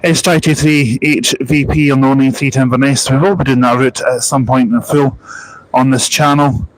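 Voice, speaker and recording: A man's voice: mid-range voice, fairly even intonation, normal speed, rough recording. Jokey Scottish man on a live stream. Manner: jokey, rambling, laughs at his own stories. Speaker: live-streaming bus spotter. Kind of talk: casual live-stream chat reading comments.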